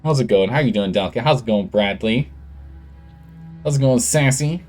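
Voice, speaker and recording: While streaming a game, a man chats casually with his viewers, getting distracted as he adjusts the levels on his gain-controlled studio microphone. His mid-range voice is a little mellow and moves at a normal speed, with soft music playing behind him.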